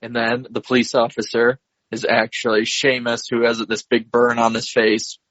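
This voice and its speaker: A man co-hosting a podcast who retells a film's plot in a measured, slightly hesitant way, with a husky voice. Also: medium pitch, a bit bright, no echo, highs cut off. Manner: measured, hesitant, recounts scenes step by step. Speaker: podcast co-host. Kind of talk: casual film discussion, retelling the plot.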